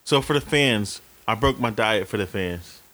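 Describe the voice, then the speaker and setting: Animated, profane man telling stories. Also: lowish voice, moderate pace. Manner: animated storyteller, swears freely, acts out dialogue. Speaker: podcast co-host. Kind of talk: casual profane chat.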